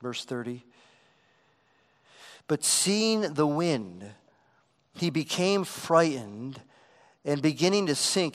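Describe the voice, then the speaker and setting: Male pastor, sermon, rising to emphasis then dropping to a hush, slightly high voice. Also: very animated, takes it slowly, pauses often. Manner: preaching with swings from emphatic to hushed.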